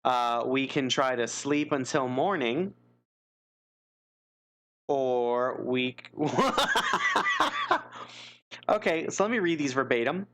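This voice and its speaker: A man's voice: mid-range voice, huge pitch swings, slow, pauses often, sharp tone, a little hiss or hum. A man streaming live, reading an interactive gamebook aloud and chatting casually, wry and self-mocking with frequent chuckles.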